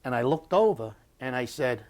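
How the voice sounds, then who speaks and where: A man's voice: medium pitch, lively intonation, a little mellow. An American man in his sixties, a war veteran recounting memories in an oral history interview. He talks bluntly, swears often, and stops and restarts his sentences. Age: 60s. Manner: halting and blunt, with frequent restarts and profanity.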